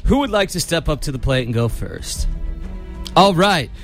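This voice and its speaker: A man's voice: fairly high pitch, sing-song, normal speed, faint music behind. A young man hosting a casual podcast chat, upbeat and teasing. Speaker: podcast host.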